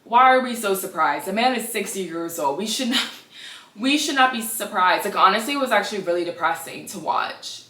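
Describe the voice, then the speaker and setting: A woman in her twenties hosting a casual gossip podcast, chatty and animated with sassy asides. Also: mid-range voice, recorded from a distance. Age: 20s. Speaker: podcast host. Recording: echoey room, a bit off-mic.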